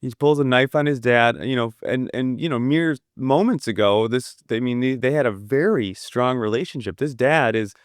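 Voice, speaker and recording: Man, podcast co-host, clear mid voice, dry close mic, eager rambling film talk. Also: medium pitch, normal speed, hardly any pauses, no echo. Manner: enthusiastic, rambling with restarts. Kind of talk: casual film review chat.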